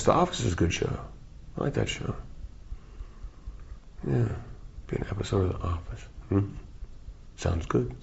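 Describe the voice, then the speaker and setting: Creaky and slightly breathy, this man's voice sits on the low side. He's a musician in his forties offering silly, meandering interview replies that he keeps breaking off mid-thought, all captured in muffled lo-fi sound.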